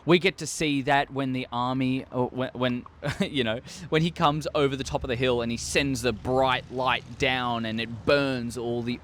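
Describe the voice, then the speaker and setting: An Australian man hosts a casual opinion vlog, speaking into a desk microphone in a mid-range voice. He is rambling and excitable, and he swears heavily.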